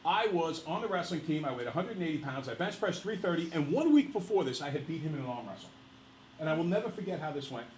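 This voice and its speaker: Animated man telling class a story. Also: fairly high pitch, fast, echoey room, slight background noise, rough recording. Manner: animated, laughing, addresses class directly. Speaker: teacher.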